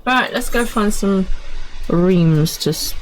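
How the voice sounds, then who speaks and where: A woman's voice: medium pitch, slow pace, a little hiss or hum, poor audio. A woman streamer talking casually to herself while playing a game, musing aloud and often confused. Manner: chatty, confused musing, self-talk. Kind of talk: casual live gameplay commentary.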